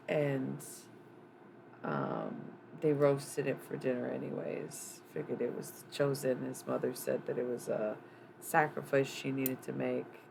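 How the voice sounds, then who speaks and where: A woman with a deep, fry-edged voice talks through a psychic reading on a live stream. She wanders from thought to thought, filling gaps with "um" and dropping casual swears. A steady background noise sits clearly under her voice. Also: poor audio. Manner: rambling, loose and profane, thinking aloud with many fillers.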